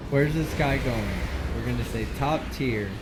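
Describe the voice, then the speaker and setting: A man's voice: medium pitch, unhurried. Guy hosting a stream, teasing his buddies, noisy mic. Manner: teasing, crude joking. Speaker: debate stream host. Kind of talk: casual livestream banter.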